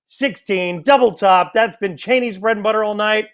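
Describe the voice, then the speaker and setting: A man with a high, light voice calls a darts match live, chatty and quick to joke with the viewers. Faint background hiss and clicks sit under his voice. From United States. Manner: chatty, joking asides to viewers. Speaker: darts commentator. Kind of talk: live sports commentary.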